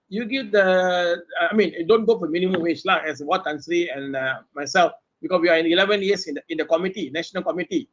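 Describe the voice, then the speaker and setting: Man, middle-aged, Malaysian English accent, professor, panel talk, animated, rhetorical questions, high voice, dull lo-fi call audio. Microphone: webinar video call mic.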